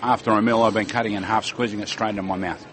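A man's voice: on the low side, steady tone, racing, fairly bright tone, a little hiss or hum. A man, a fruit seller talking casually and enthusiastically about produce at an outdoor market, with many fillers. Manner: enthusiastic, food-loving, hesitant fillers.

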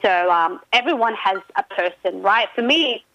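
A woman's voice: moderate pace, no echo. Chatty woman on a dull phone line. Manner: animated storyteller, many fillers, pitch jumps when excited. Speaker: pop culture guest. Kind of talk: casual radio chat.

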